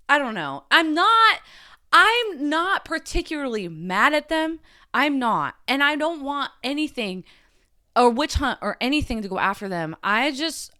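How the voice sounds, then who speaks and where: A young woman hosting a podcast delivers an emotional monologue about something that upset her, repeating herself as her voice rises and falls sharply. Her fairly high voice is bright, clear, resonant and forceful, captured dry in a clean studio.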